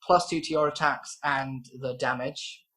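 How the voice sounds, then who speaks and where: A woman's voice: a bass voice, fairly even intonation, a little slow, a bit bright. A woman narrating as game master, rambling with fillers and giggles.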